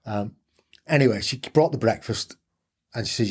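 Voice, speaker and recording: Husky, low-voiced man. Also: normal speed. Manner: earnest, emphatic, repeats phrases for weight. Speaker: interview guest. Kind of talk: candid storytelling.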